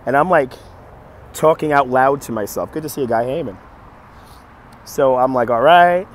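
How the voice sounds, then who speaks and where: A hoarse man who keeps coughing, telling a story on a live stream in an animated, exasperated way. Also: mid-range voice, moderate pace, slight background noise. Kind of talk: casual storytelling to chat.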